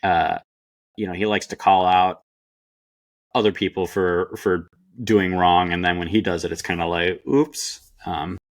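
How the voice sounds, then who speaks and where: A man's voice: low-pitched, flat delivery, normal speed, no room sound. A man co-hosting a podcast in casual chat, talking with many fillers and restarts. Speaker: podcast co-host.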